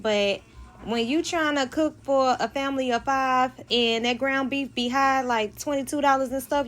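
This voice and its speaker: A woman's voice: fairly high pitch, a bit bright. Chatty mom talking while she cooks. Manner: chatty, loose, and frank, with plenty of asides to her viewers. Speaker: cooking vlogger. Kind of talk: casual kitchen chat to camera. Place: home kitchen.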